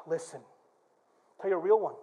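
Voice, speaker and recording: A male pastor from Michigan preaching in church, telling a story with lively acted-out quotes and shouts. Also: fairly high pitch, unhurried, husky, highs cut off. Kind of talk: sermon.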